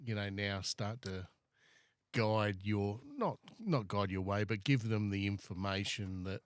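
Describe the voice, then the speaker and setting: A man's voice: fairly low pitch, a little slow, smooth, no echo, studio quality. Encouraging podcast host, man. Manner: encouraging, short affirmations. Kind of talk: casual chat.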